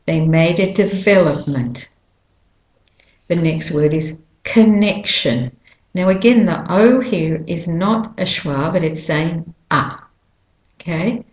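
A woman teaching English pronunciation, repeating each word slowly and stretching its stressed syllables. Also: fairly low pitch. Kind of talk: slow pronunciation lesson. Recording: echoey room.

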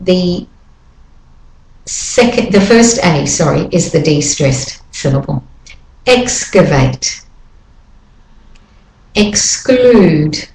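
A woman giving an English pronunciation lesson, saying each word slowly and deliberately twice for learners to copy. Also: fairly low pitch, a little mellow. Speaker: pronunciation teacher. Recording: echoey room.

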